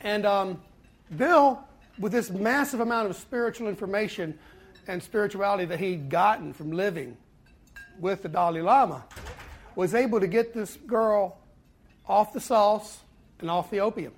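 A man giving a personal recovery talk to a fellowship meeting, telling his story earnestly with pauses and repeated words. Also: high voice. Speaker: speaker at a twelve-step fellowship meeting.

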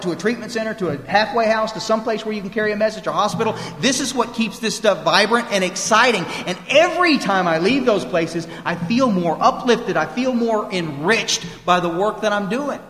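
A man's voice: sits high, a bit bright. A man giving an emphatic, folksy talk to a recovery meeting. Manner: folksy, emphatic, quotes people in voices. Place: meeting room. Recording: echoey hall, live talk recording.

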